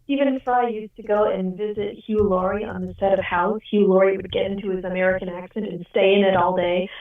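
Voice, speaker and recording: A woman telling lively anecdotes in a casual group chat. Her voice comes through thin and phone-like. There is heavy echo, and she sounds set back from the mic. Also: mid-range voice, fairly quick, far from the mic. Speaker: voice actor in a group meeting. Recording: tinny phone-like line, echoey.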